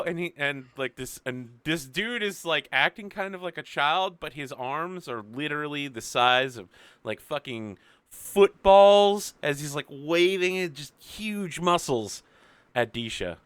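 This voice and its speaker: Tabletop game master: young man, lively, bright crisp voice, dry close mic, rambling narration. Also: fairly high pitch, measured pace, no echo. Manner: animated, rambling, fillers.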